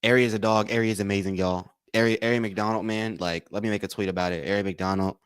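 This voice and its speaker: A man hosting a live watch-along stream, calling plays, thanking donors, and repeating himself with excitement. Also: fairly low pitch, fast, clean tone, dry recording. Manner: excitable, repeats phrases, says y'all a lot. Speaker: livestream watch-along host. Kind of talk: live game commentary and chat.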